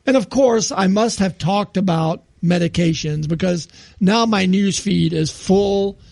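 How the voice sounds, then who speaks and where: A man's voice: high voice, unhurried, creaky, a little mellow, no echo, clean studio sound. A man in his sixties co-hosting a casual comedy podcast, who keeps laughing as he reads posts aloud. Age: 60s. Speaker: podcast co-host.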